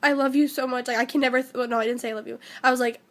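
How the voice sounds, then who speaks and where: A teenage girl telling an excited personal story, gushing and filling every pause with "like," shaky and close to tears. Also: high voice. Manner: breathless, gushing, heavy use of "like". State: shaky and emotional, near tears. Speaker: vlogger.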